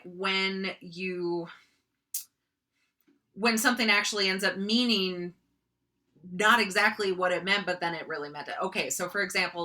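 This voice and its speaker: Chatty woman teacher from North Dakota, bright. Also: mid-range voice. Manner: chatty, frequent ums and likes, mock voices for examples. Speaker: writing teacher. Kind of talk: casual classroom lecture.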